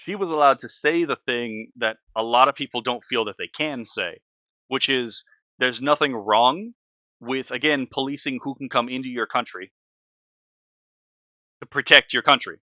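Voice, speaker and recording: A man's voice: medium pitch, pushed and bright, no room sound. A man hosting a reaction video, talking casually in a rambling, blunt, opinionated way with many fillers.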